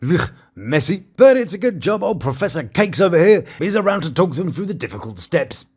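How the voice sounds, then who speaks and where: A man's voice: high voice, sing-song, darkish tone, slightly rough. A man, giving cheeky, mocking commentary over reality TV clips. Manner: mocking, cheeky, quick asides. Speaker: reality TV reviewer.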